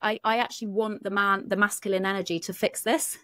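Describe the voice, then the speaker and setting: A British woman who works as a relationship coach talks frankly on a podcast, swearing casually and using lots of fillers in a chatty, candid conversation. Her voice is medium in pitch and fairly bright, with a flat delivery at a slightly fast pace. The recording is clean studio sound with no room sound.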